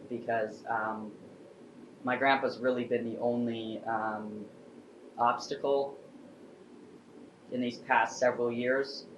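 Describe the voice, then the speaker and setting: A man's voice: medium pitch, slight background noise. Young guy telling a heartfelt story, kinda echoey room, muffled lo-fi sound. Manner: earnest, heartfelt, acts out quotes. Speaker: vlogger. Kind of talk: casual personal storytelling.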